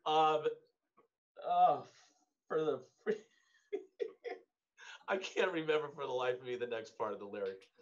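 A man's voice: medium pitch, takes it slowly, long pauses, dull audio. A man competing as a contestant on a trivia game show, exclamatory and self-deprecating about his misses. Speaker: quiz contestant. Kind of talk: casual game show banter.

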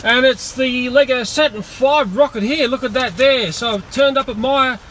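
An Australian man vlogging on a shopping trip, talking to the camera in an animated, indignant way. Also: very high voice, moderate pace, slight background noise. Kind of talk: casual vlog, talking to camera. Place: shopping centre, car park and store.

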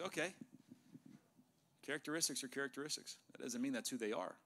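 In a church sanctuary, a middle-aged male pastor delivers an emphatic sermon at a brisk pace and medium pitch, sometimes dropping to a hushed voice for effect.

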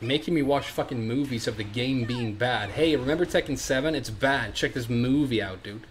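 A man with a cold, casually commentating his gameplay on stream, swearing and trash-talking as he plays. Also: medium pitch. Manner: profane, trash-talking, quick asides. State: congested from a cold. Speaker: game streamer.

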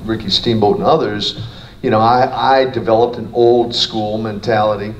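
A man's voice: on the low side, steady tone, moderate pace. A man, a former wrestler, talking casually in an interview, rambling with many restarts. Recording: roomy, distant mic, faint noise.

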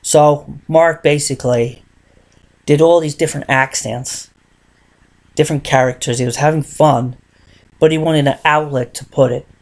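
Rambling man telling a story, slightly high voice. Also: steady tone, normal speed. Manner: rambling, repetitive, restarts phrases, tells his story in third person. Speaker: vlogger. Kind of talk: casual storytelling monologue.

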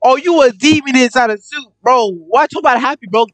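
This young man narrates a horror game for his YouTube channel, talking in slang and yelping whenever he's startled. He speaks briskly in a very high-pitched voice, and the recording has no room sound.

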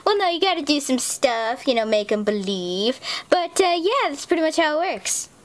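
A woman's voice: high voice, big pitch swings, normal speed. A woman voicing an eager young boy who earnestly explains how to break a curse, in a parody sketch.

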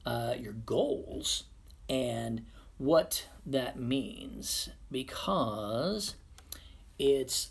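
Medium in pitch, his voice has vocal fry and a breathy edge. The man is a podcast host on a casual livestream, being playful and murmuring goofy remarks to himself as he sets up at the computer.

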